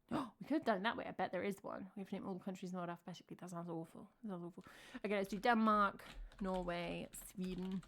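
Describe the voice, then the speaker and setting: A woman with an English accent, chatting casually on a live stream, thinking aloud and answering her chat. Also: medium pitch. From England.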